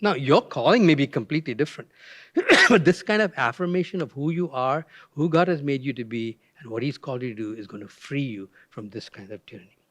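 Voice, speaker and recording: A man's voice: mid-range voice, expressive, brisk, fairly bright tone, no room sound. An older retired pastor preaching a guest sermon, telling a personal story in a conversational way and acting out the voices he quotes.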